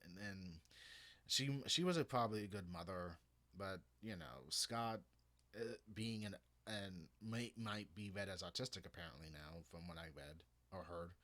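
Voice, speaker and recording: A man in his thirties, a comics vlogger, rambles casually through an opinion monologue on comics, with restarts and swearing. His voice sits on the low side and is a bit bright.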